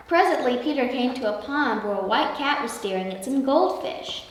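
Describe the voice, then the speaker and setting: A woman reading a children's story aloud, slow and expressive. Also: on the high side, a little hiss or hum. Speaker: story reader. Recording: echoey hall, far from mic.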